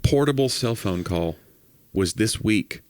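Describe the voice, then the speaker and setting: A man co-hosting a podcast in casual comedic chat, telling jokes with animated delivery and acting out the voices in the quotes. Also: fairly low pitch, a little slow, noisy background. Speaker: podcast co-host.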